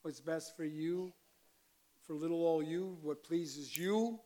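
Male pastor, conversational sermon delivery, slow pace, punches key lines loudly. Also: a little high. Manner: conversational preaching with sudden loud emphasis.

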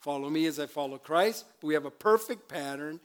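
A man's voice: a little high, brisk, smooth. An older man, a pastor, preaching a sermon in a church, chatty with laughing asides and calls for amen. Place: church sanctuary.

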